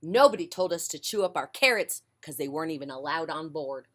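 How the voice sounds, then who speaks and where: A woman reading a children's picture book aloud on a porch, with a gentle, friendly delivery. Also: low voice, lively intonation, a little fast. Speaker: children's storyteller.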